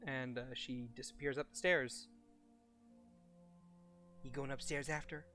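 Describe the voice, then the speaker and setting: A man's voice: mid-range voice, fairly even intonation, a little slow, pauses often, pushed and bright, faint music behind. A man narrating a tabletop game as game master in a rambling, casual way.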